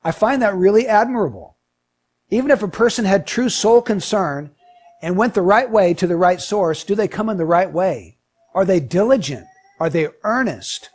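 Animated husky male preacher. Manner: animated, rising to emphatic peaks then dropping low. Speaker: pastor. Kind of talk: sermon.

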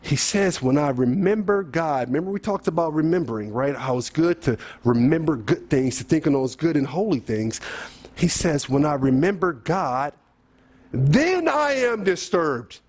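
A man's voice: on the high side, animated, normal speed, darkish tone. A man preaching a sermon as a pastor, talking in a conversational way with many rhetorical questions and rising to emphatic peaks.

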